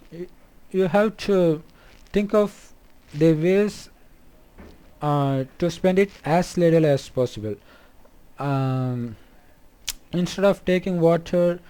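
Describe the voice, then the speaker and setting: A man speaking as a spiritual healer, explaining and demonstrating in a halting way full of ums and uhs. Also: fairly high pitch, clear, resonant tone. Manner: halting, with frequent um and uh; softly spoken.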